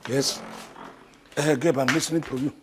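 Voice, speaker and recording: A man's voice: mid-range voice, steady tone, moderate pace, background noise, close to an everyday voice. An actor with a Nigerian accent playing an arrogant man who scornfully dodges responsibility. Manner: dismissive, boastful.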